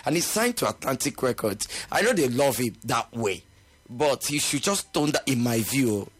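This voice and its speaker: A man's voice: mid-range voice, expressive, normal speed, breathy edge, no room sound. Opinionated Nigerian man chatting casually. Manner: teasing, opinionated, laughs often. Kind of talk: casual chat.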